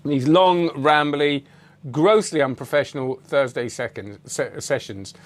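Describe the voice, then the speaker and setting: On his magic review channel, a middle-aged man with a British English accent chats in a fairly high voice at a slightly slow pace. The live-stream talk is casual and rambling, and he greets viewers by name as he goes.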